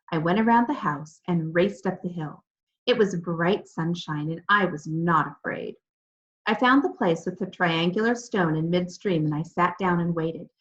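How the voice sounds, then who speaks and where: A woman reading a chapter of a children's book aloud in a calm, measured storytelling voice. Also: on the low side. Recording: dull lo-fi recording.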